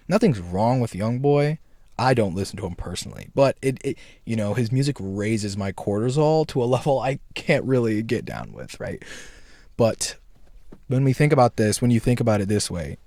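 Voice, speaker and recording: A man's voice: medium pitch, darkish tone, no room sound, studio quality. A young man hosting a casual commentary video, rambling in slangy talk and often checking in with his listener. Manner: rambling, slangy, keeps asking "right?". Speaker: video essay host.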